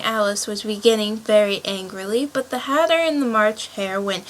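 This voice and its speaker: A woman narrating a storybook aloud, dropping to a quieter, lower voice for the narration. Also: a little fast, few pauses, a little hiss or hum, poor audio.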